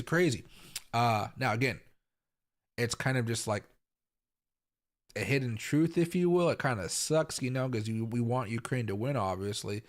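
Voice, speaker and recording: Rambling, opinionated man hosting a livestream. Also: medium pitch. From Tacoma, Washington, US. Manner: rambling and opinionated, with fillers, repeats and sudden loud outbursts. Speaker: crypto market livestream host. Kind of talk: casual live commentary.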